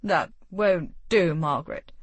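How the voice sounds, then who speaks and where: A woman voicing a blustering, indignant older gentleman in an audiobook. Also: on the low side, takes it slowly, dry recording. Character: blustering older male gentleman, heavy-browed.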